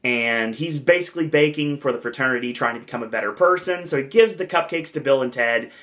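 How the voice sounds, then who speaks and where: Rambling enthusiastic man at mid pitch. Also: a little fast, a bit bright. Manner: rambling, enthusiastic, many fillers. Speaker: podcast host reviewing a theme park event. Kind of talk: casual podcast review.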